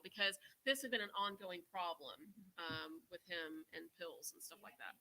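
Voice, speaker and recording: Bright-voiced woman chatting on a panel. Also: lowish voice, normal speed, hardly any pauses, poor audio. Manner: chatty, laughs often, agrees readily. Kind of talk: casual panel discussion. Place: virtual convention panel.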